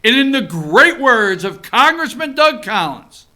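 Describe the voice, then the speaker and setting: A man's voice: very high voice, very animated, a little slow, bright, forceful tone. A man hosting an opinion show, ranting brashly in political commentary from an office and mimicking other voices. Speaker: talk show host.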